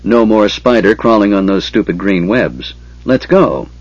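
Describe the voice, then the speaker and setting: A man voicing a grumpy old male dwarf warrior in a storybook reading, talking gruffly. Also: lowish voice, animated, a little slow, no echo, muffled recording. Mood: grumbling. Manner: grumbling, gruff.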